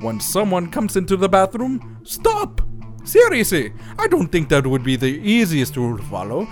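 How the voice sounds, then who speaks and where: A man's voice: sits high, huge pitch swings, moderate pace, soft background music. A man co-hosting a comedy show, reading a crude advice letter aloud in a put-on foreign voice.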